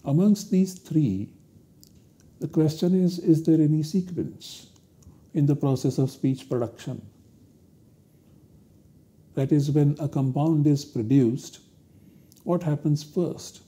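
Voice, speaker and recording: A man giving a university lecture, explaining step by step in a slow, deliberate way. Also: fairly high pitch, dark tone. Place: recorded lecture studio.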